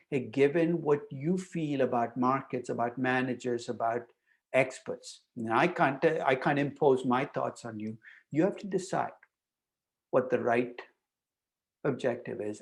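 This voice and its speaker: An older male professor giving a university lecture, emphatic and animated, often restarting his sentences as he thinks aloud. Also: mid-range voice.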